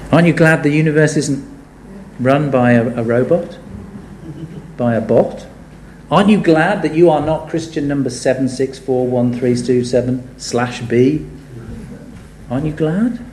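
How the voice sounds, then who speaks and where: A man preaching a sermon, animated and building to emphatic rhetorical questions. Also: medium pitch, measured pace, long pauses, a little hiss or hum. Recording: echoey room.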